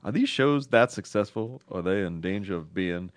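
A man co-hosting a casual podcast, animated and laughing as he reads listener mail aloud slowly. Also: on the low side. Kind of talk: casual chat.

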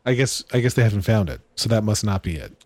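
A man joining a casual movie commentary as a guest, making deadpan puns on a close mic. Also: on the low side, fast talker, dry recording. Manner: deadpan punning jokes.

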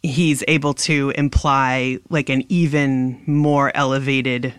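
A woman's voice: rumbling low, steady tone, slow, smooth, no echo. Dry-sounding woman nerding out about accents. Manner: analytical, enthusiastic about accents. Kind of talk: casual podcast discussion.

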